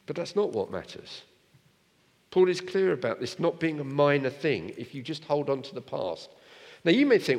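A man preaching a sermon in a church, lively and direct, asking his congregation rhetorical questions. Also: a little high, moderate pace, big-room sound.

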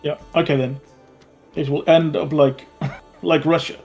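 A man's voice: a little high, flat delivery, unhurried, vocal fry, over music. A man voicing a worldly male adventurer who craves wine and calls everyone his friend. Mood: wry.

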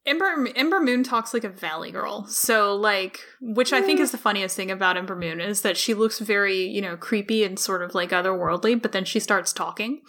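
A woman's voice: mid-range voice, brisk, few pauses, pushed and bright. A woman co-hosting a podcast, chatting casually with a laughing, self-deprecating manner. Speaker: podcast co-host.

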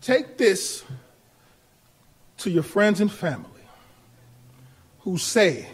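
A male pastor preaching a sermon, building from quiet talk to shouted appeals with laughter in between. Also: high voice, big pitch swings, slow pace, husky. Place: church.

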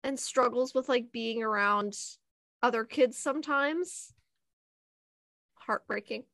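A woman's voice: on the high side, a little slow, fairly bright tone, no echo, studio quality. A woman in casual chat with fellow tabletop game players, rambling with fillers and easy swearing.

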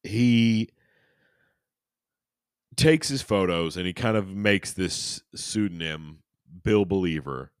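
Brief: male podcast host, deep voice, dry close sound, rambly and jokey. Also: expressive, slow, long pauses, clear, resonant tone, no room sound. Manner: rambling and jokey, with many restarts and crude asides. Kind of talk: casual chat and reading aloud.

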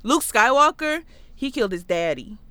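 Sassy bright-voiced woman reviewing a film. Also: on the high side, sing-song, moderate pace, no room sound. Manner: sassy, playful, with loud whooping outbursts. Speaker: podcast host reviewing a film. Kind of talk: casual comedic review. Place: basement home studio.

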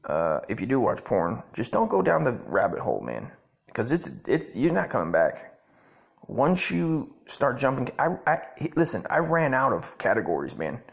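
A man's voice: medium pitch, huge pitch swings, moderate pace, gravelly, husky. A man giving crude comedic reaction commentary, blunt, rambling and full of profanity.

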